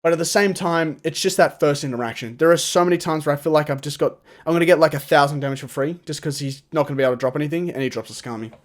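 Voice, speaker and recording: A man's voice: a little high, racing, few pauses. A young man giving casual, opinionated gaming commentary, often exasperated and restarting his sentences. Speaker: gaming YouTuber. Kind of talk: casual tier-list commentary.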